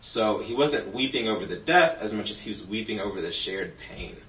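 A man's voice: fairly low pitch, lively intonation, moderate pace, bright, forceful tone, recorded from a distance. Playful man giving a children's sermon. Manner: playful storytelling with a puppet; jokey asides. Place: church sanctuary. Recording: roomy, from off-mic.

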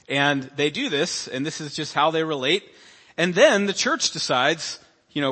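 This male pastor's sermon has a slightly high, expressive voice with a breathy edge, moving at a moderate pace, bright and forceful. He preaches conversationally, dropping in asides and acting out imagined people, as the sanctuary's long reverb rings around him.

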